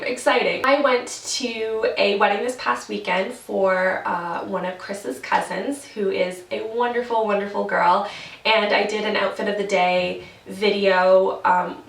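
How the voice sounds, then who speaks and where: A woman's voice: mid-range voice, creaky. A young woman talking casually to her camera, her sentences wandering and full of "like". She sits a bit away from the mic, and the room gives her voice a noticeable echo. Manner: chatty and rambling, many "like" fillers, laughs often. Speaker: vlogger. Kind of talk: casual vlog chat. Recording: roomy, from a distance from the mic.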